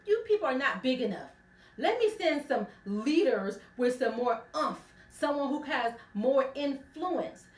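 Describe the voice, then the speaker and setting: A woman hosting a radio ministry, giving a conversational Bible lesson and retelling the story with lively voices for each character. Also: high-pitched, roomy sound, distant mic.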